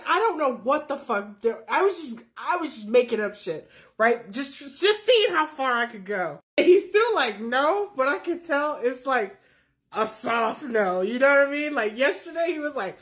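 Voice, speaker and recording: A woman telling a wild personal story in a casual, profane, animated way, laughing as she goes. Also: a little high, moderate pace.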